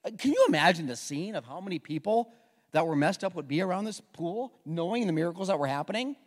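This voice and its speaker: A middle-aged male pastor preaching an animated, conversational sermon full of rhetorical questions, in a church with long reverb. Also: high-pitched, fast. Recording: long reverb of a large hall.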